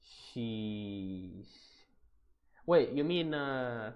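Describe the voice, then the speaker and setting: A man's voice: mid-range voice, lively intonation, slow, long pauses, a little mellow, a little hiss or hum. Chatty young man streaming while drawing. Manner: chatty, laughs often, thinks aloud while working; reads and answers live chat. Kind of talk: casual livestream chat. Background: faint background music.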